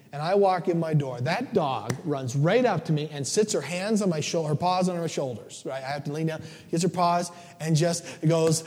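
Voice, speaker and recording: A man's voice: a little high, normal speed, few pauses, a little mellow. A middle-aged male preacher giving a conversational, joking sermon, often checking in with "right?". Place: church. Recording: long church reverb.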